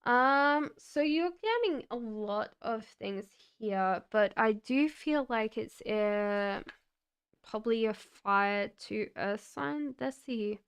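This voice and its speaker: A young Australian woman, her accent softened by years in Britain, chatting upbeat with viewers as she gives live tarot readings. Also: on the high side, expressive, slow pace, clear, resonant tone. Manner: chatty and upbeat, laughs often, talks straight to viewers by name. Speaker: tarot reader.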